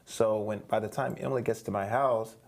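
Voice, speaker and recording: A man's voice: lowish voice, steady tone, brisk, vocal fry, a little mellow. A middle-aged man, a guest on an interview show, animatedly telling a story, acting out quoted voices, with frequent restarts.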